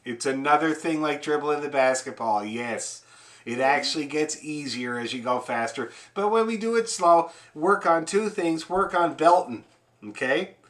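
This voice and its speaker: A man's voice: on the high side, lively intonation, moderate pace. A man teaching an online fiddle lesson over a video call, encouraging and chatty, explaining and demonstrating as he talks.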